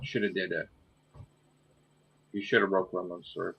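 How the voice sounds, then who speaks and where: A man co-hosting a casual fan podcast, talking in a blunt, animated way and swearing often. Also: deep voice, a little slow, gravelly, husky. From Italian heritage. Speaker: podcast co-host. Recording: muffled lo-fi audio.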